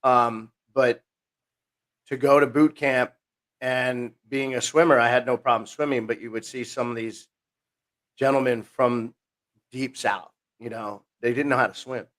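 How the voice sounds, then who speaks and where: A man's voice: medium pitch, measured pace. Rambling New man in his fifties. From New Jersey, USA. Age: 50s. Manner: rambling, self-interrupting, animated retelling with quoted voices. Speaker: podcast guest. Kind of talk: casual storytelling interview.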